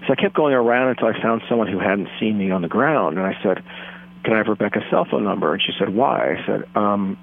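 A man in his thirties on a phone line, telling a rambling, earnest, self-deluded story in a deadpan comic way. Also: on the low side, quick pace, vocal fry.

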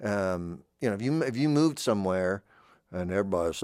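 Brief: low-voiced man, rambling casual monologue, dry close sound. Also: animated, fairly quick, a little mellow, clear, resonant tone, no room sound. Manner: rambling, digressive, musing.

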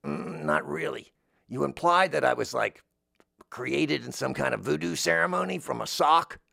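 A man's voice: medium pitch, big pitch swings, normal speed, creaky, bright, forceful tone, no room sound, studio quality, heavily acted. A man voicing a mild, earnest male creature made from a sock, who talks in a hesitant, rambling way full of fillers. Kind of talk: comedic podcast interview bit.

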